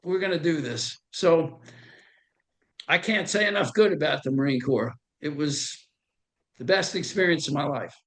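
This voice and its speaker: An older man, talking through his memories in a relaxed oral history interview. His voice sits high for a man. He slips into the voices of the people he quotes as he goes. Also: moderate pace. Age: 70s. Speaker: veteran interviewee.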